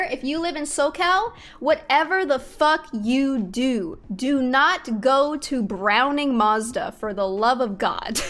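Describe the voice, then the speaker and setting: High-voiced young woman venting to her stream. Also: a bit bright. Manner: exasperated venting, swears freely, laughs in disbelief. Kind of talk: casual chat to stream viewers.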